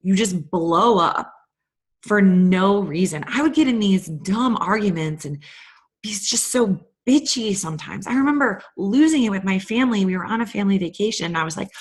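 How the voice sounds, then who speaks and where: Hosting a candid self-help conversation, a young woman speaks at a medium pitch and normal speed, her voice slightly rough. Her style is conversational, and she livens things up with animated retellings.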